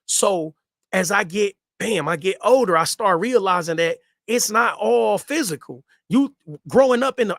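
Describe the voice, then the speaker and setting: A man's voice: high-pitched, fairly bright tone, no echo, clean studio sound. A man in his thirties casually telling a story in loose street slang and repeating himself for emphasis.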